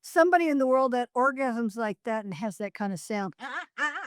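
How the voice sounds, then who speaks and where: A middle-aged woman co-hosting a podcast, talking wryly with casual swearing and quick laughter. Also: fairly high pitch, dry recording, clean studio sound. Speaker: podcast co-host. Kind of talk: casual chat between friends.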